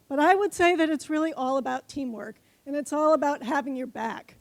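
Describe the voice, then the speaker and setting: A woman's voice: high-pitched, fairly quick, few pauses, dry recording. A woman giving a short conference talk who leads the audience in an improv exercise, coaxing the crowd playfully. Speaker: conference speaker. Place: conference hall stage.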